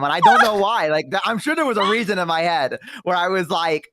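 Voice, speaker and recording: A young man with a Southern US accent chatting casually on a stream, rambling through childhood stories and jumping into high voices to quote people. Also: wildly swooping pitch, fairly quick, fairly bright tone, a little hiss or hum. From American South. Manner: rambling, jumps into high voices when quoting. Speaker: stream co-host. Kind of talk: casual chat, storytelling.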